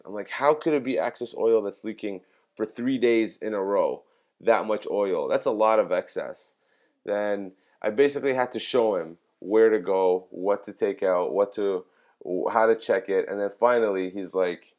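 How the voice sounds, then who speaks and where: A man's voice: on the low side, normal speed, a little mellow. Frustrated man ranting about a mechanic. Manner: frustrated, retells dialogue in quotes. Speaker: customer telling a complaint. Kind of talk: casual vlog rant.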